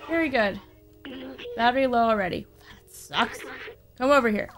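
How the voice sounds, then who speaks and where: A woman playing a video game and commenting excitedly, chatting and reading the on-screen text aloud. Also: fairly high pitch, moderate pace. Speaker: gamer playing on her channel. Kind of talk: let's play commentary. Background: game music.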